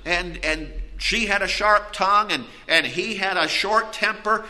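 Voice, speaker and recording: A man preaching a sermon, telling a story and swinging from quiet asides to loud outbursts. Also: sits high, measured pace, long reverb tail, poor audio. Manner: storytelling with wide swings in loudness.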